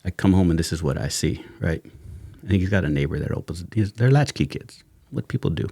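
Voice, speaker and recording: A middle-aged man with a low, gravelly voice tells an old case in a loose, slangy way as a podcast guest. He laughs through his story and acts out every line he quotes. The sound is dry and close, with no room behind it. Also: brisk, dry recording. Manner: animated, laughing, slangy retelling with acted quotes. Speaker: retired sheriff's detective, podcast guest. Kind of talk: casual storytelling chat. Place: podcast studio.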